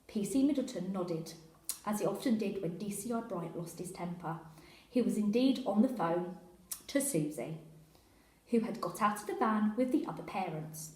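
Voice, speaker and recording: Expressive woman reading a storybook aloud. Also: medium pitch, normal speed. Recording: echoey room.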